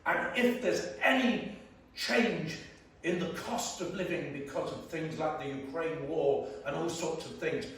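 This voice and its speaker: A man's voice: sits high, a bit bright. A man giving a blunt, emphatic, jokey speech to a community meeting in a church hall. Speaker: guest panellist. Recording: very echoey church hall, far from mic.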